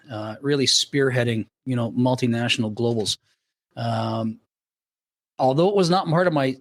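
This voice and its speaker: A middle-aged man with a South Florida accent, a podcast guest telling stories animatedly and acting out dialogue with many restarts. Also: mid-range voice. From Canada, raised in Florida. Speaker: podcast guest, sales trainer. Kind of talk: casual interview storytelling.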